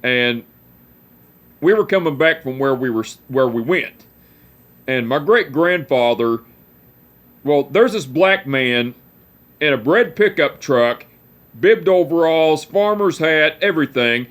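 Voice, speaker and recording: Swearing young man with a higher voice. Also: expressive, slow, pauses often, a bit bright. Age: 20s. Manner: rambling, heavy swearing, many restarts. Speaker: vlogger. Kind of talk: casual storytelling to camera.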